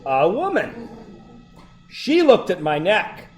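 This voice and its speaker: A middle-aged male teacher telling funny personal stories to his class, animated and breaking into loud exclamations. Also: high voice, slow, soft background music. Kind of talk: storytelling to a class.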